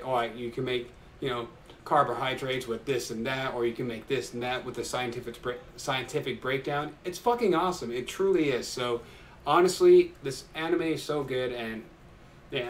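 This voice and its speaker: A young man excitedly recapping an anime episode for his viewers, rambling with lots of fillers. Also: medium pitch, slight background noise. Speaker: anime reaction YouTuber.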